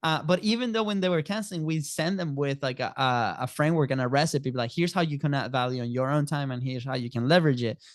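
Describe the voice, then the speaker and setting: A man's voice: mid-range voice, fast, hardly any pauses, no room sound, studio quality. A man in his thirties, a podcast guest, talking casually and acting out little scenes in quoted voices, often checking in with "right?". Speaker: podcast guest, agency co-founder. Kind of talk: casual storytelling interview.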